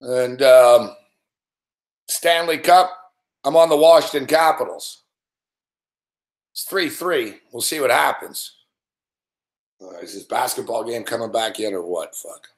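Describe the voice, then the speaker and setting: A man's voice: medium pitch, unhurried, long pauses. Profane ranting man, echoey room. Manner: profane, ranting, yells at the game. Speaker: host. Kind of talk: live sports betting reaction stream.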